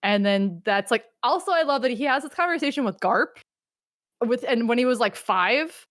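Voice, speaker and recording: A woman's voice: on the high side, lively intonation, normal speed, a bit bright, dry recording, clean studio sound. A woman co-hosting a casual show, retelling events with acted-out quotes and frequent swearing. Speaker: podcast co-host. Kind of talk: casual chat.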